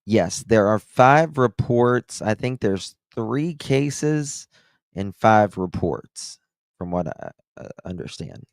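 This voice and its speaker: Slow, low-voiced sarcastic male commentator. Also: animated, gravelly, dry recording, clean studio sound. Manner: sarcastic, incredulous. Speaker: commentary channel host. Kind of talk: reaction commentary.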